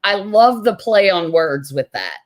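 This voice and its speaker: A woman's voice: mid-range voice, very animated, unhurried. Enthusiastic woman interview host. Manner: enthusiastic, many ums. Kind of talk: casual interview chat.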